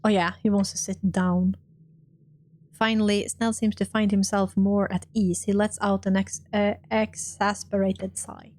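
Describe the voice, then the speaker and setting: A woman's voice: medium pitch, unhurried. A woman streamer reading a role-playing game's text aloud and reacting to it, swearing and laughing when things go wrong. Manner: animated, swears and laughs at failures. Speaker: gaming streamer.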